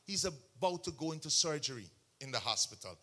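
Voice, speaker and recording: A man preaching a sermon testimony, telling the story with animation, bursting into shouts and acting out what others said. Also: on the high side, big pitch swings, brisk. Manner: acts out other people's words in quotes.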